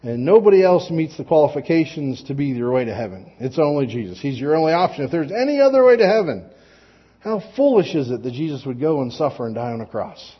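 Husky, higher-voiced man preaching casually. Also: very animated, fast, muffled recording. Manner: plain-spoken, frequent restarts and repeated words; light joking asides. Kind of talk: conversational sermon.

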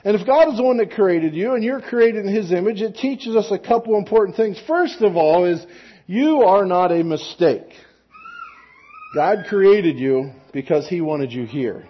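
A man's voice: high voice, animated, moderate pace, husky, lo-fi sound. A pastor in a church giving a casual children's sermon, asking the kids questions as he goes. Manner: casual, conversational, with rhetorical tag questions.

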